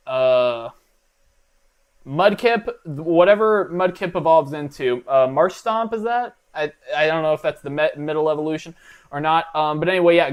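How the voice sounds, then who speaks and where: Hosting a reaction video, a young adult college student rambles through funny commentary, restarting often and leaning on fillers. His voice is fairly high and clean, and his manner is mock-earnest and self-deprecating.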